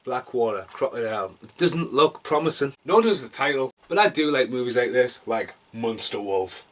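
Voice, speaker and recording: A man's voice: medium pitch, expressive, moderate pace, fairly bright tone. A man from Britain reviewing a movie casually, rambling and self-deprecating, with jokey asides and mumbled mutters.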